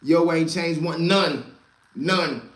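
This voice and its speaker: Speaking slowly in a fairly high voice, a man who hosts a channel and tells stories casually spins a meandering, profanity-laced street tale for a live crowd. He wanders off into many asides, and there's a roomy echo on the recording.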